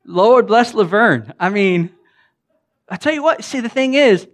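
Southern pastor, male, chatty storytelling sermon, playful, loud bursts and soft asides. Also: normal speed. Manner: animated, joking, swings between loud bursts and low asides; frequent fillers and restarts, chatty. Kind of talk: conversational sermon with humorous storytelling.

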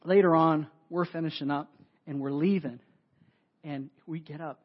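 A pastor preaches in a high, bright voice, spinning a story with animated, self-deprecating asides to his congregation. The recording is dull and lo-fi, as if from an older sound system. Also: normal speed, slightly rough. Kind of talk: sermon storytelling. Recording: dull lo-fi audio.

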